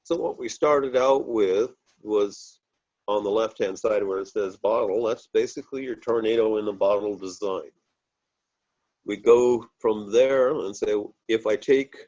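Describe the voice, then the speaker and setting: Low-ish guy explaining stuff real slow on a video call, lots of pauses. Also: darkish tone, dull audio. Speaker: research group member presenting. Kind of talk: explaining over a video call screen share. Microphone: computer mic on a video call.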